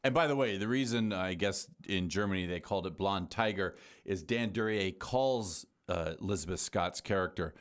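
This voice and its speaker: A man's voice: low voice, normal speed, hardly any pauses. A man co-hosting a podcast, chatting casually about films in an enthusiastic, jokey way. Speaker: podcast co-host. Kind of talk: casual film discussion.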